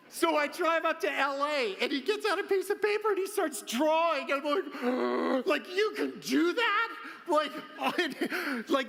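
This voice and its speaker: A man giving an animated, storytelling conference talk, laughing often as he goes. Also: high-pitched, big-room sound. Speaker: conference speaker. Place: large conference hall.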